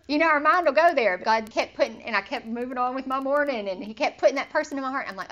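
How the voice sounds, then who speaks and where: A woman's voice: high voice, lively intonation, fast, hardly any pauses, fairly bright tone. A woman giving an informal Bible lesson, chatty and personal, acting out little scenes and laughing as she goes. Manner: chatty, acts out quoted inner thoughts, laughs easily. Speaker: Bible study teacher.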